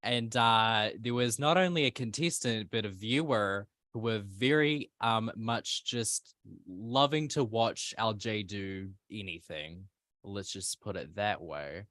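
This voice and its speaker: A man's voice: fairly low pitch, takes it slowly, a bit bright, no room sound, clean studio sound. A man on a casual panel, chatty and playful, going on mock rants. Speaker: panelist assessing new cast.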